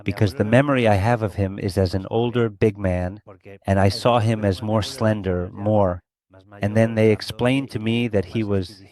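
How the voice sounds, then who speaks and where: A man's voice: lowish voice, darkish tone. A middle-aged man from Spain, a guest recounting a personal experience in an interview, speaking earnestly and reflectively with feeling. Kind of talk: emotional personal storytelling in an interview.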